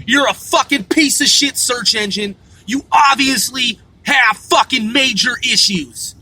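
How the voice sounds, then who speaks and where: A man's voice: very high voice, bright, forceful tone. A man hosting a vlog, ranting profanely and arguing with a voice assistant in exasperation. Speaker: vlog host. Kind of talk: ranting commentary.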